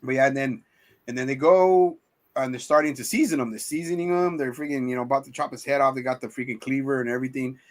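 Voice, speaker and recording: A man in a loose movie review chat, retelling scenes in a rambling way, full of swearing and quick acted-out quotes. His voice sits at a middling pitch. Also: fairly even intonation. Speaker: podcast co-host.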